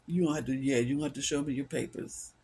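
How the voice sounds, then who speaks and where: A man's voice: mid-range voice, steady tone, racing, warm tone, a little hiss or hum. A middle-aged man giving an impassioned solo monologue, weary, emphatic and repetitive as he stresses his points. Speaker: vlogger.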